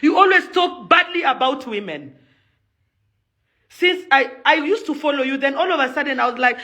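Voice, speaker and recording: A young Kenyan woman, a socialite and event organizer, delivers an angry, emphatic video rant and keeps repeating her points. Her high-pitched voice is expressive and sharp, and she speaks at a moderate pace.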